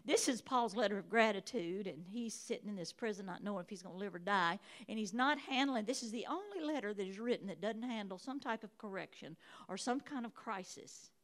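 A woman's voice: mid-range voice, animated, fairly quick. A woman preaching a sermon in a church, emphatic and repeating her phrases. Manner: emphatic, repeating phrases, rising to shouts of praise.

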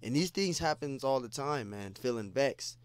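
A man's voice: mid-range voice, expressive, moderate pace, clean tone, no room sound. A man giving an informal scripture lesson, repeating phrases and peppering his talk with "man" and "you know.". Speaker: preacher.

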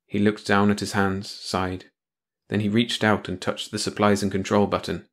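A man reads a short story aloud as an audiobook in a steady, measured way. His voice is fairly low and keeps an unhurried storytelling pace. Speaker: audiobook narrator. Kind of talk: scripted story narration.

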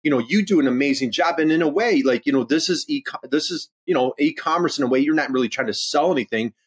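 A man's voice: fairly high pitch, quick pace, slightly rough. A man speaking as a podcast guest, talking enthusiastically in a rambling way, full of "you know" and "uh". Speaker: podcast guest, e-commerce consultant. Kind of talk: conversational interview.

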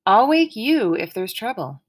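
A woman voicing a blunt, joking boy, asking wry, offhand questions in a slow storybook reading. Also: mid-range voice, very animated, slightly rough, pitched above the performer's own voice.

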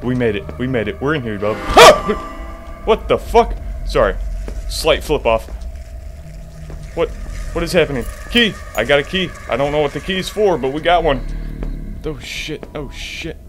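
A man's voice: medium pitch, expressive, moderate pace, a bit bright, a little hiss or hum. Jumpy, swearing man playing a horror game. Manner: jumpy, profane, talks to himself. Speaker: gamer.

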